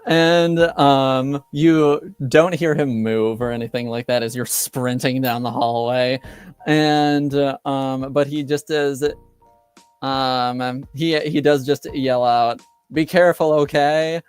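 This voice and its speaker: A man's voice: mid-range voice, level tone, slow, smooth, soft background music. A man narrating as game master, with hesitant phrasing and frequent ums.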